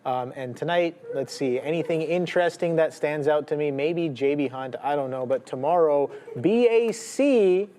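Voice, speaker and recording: A man's voice: on the high side, fairly even intonation, moderate pace, hardly any pauses, a little mellow. A man co-hosting a live trading show, listing upcoming earnings names with lots of fillers. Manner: rambling, lists tickers with many fillers. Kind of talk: live market commentary.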